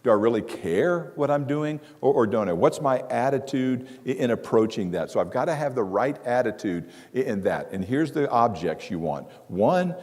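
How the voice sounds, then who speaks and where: A man's voice: medium pitch, lively intonation, moderate pace, few pauses, a little mellow. A middle-aged man preaching a sermon on marriage to a church congregation, telling stories with humor. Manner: conversational storytelling with humor. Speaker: guest preacher. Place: church sanctuary. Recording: long hall reverb.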